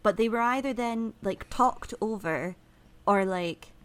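Animated woman chatting about film. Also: medium pitch, measured pace. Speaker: podcast co-host. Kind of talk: casual film review chat.

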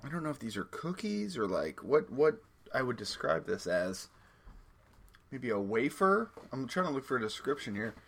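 A man's voice: medium pitch, sing-song, moderate pace, creaky, fairly bright tone. Laid-back rambling man chatting. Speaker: podcast co-host reviewing snacks. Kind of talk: casual chat.

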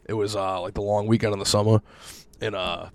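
A fast-talking man tells stories in casual podcast chat, cursing freely and jumping into loud bursts when he quotes himself. The sound is dry and close. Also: lowish voice, level tone, dry recording. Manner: rapid, swearing storyteller, loud bursts when quoting himself. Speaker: podcast host.

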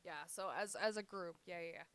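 A woman's voice: on the low side, a little fast, a bit bright, smooth, dry recording. A woman in her thirties speaking candidly and emotionally in a conversation, sighing between confessions. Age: 30s.

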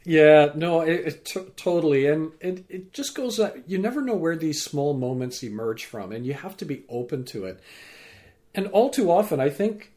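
A man guest on a podcast, a teacher and speaker, telling a story with lively acted-out dialogue. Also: fairly high pitch, moderate pace. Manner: animated, acts out quoted dialogue. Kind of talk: storytelling in an interview.

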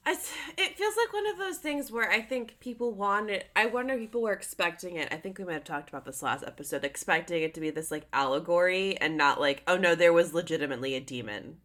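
A woman's voice: mid-range voice, expressive, fast, hardly any pauses, a bit bright. A woman co-hosting a podcast, chatting animatedly with lots of "like". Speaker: podcast co-host. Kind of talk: casual chat.

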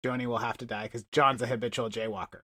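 Man, comedy podcast co-host, rambling improvised banter, words trailing into low mumbles, dry close sound. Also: steady tone, quick pace, fairly bright tone, no echo.

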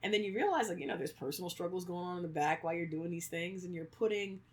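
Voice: mid-range voice, fast talker. Chatty thirties podcaster acting out quotes. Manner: animated storyteller, acts out quotes, many "like"s; laughs often. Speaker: podcast co-host, creator of fictional worlds. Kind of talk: casual chat.

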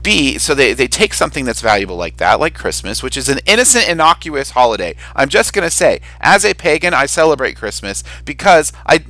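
A man co-hosting a casual podcast, rambling and animated, often jumping up into a high excited voice and swearing casually. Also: fairly quick, hardly any pauses, dry recording. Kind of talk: casual chat.

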